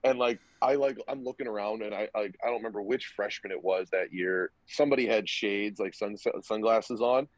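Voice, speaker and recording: A young man on a podcast rattles off a casual, profane story at a fairly quick clip with few pauses, performing the quoted dialogue. His pitch is ordinary mid-range, and the recording is dull, lo-fi, dry and close.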